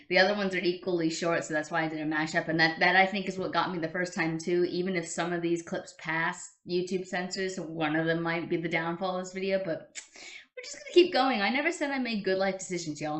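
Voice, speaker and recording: A woman's voice: fairly low pitch, fairly bright tone. A woman hosting a casual fan reaction show, chatty and gushing as she comments on clips. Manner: chatty, gushing, fond of throwbacks. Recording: echoey room.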